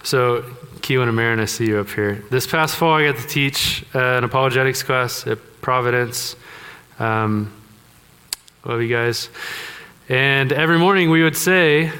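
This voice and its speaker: A man's voice: mid-range voice, normal speed, bright, forceful tone, smooth. A man preaching a sermon, conversational and joking with the congregation. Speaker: pastor. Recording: long hall reverb.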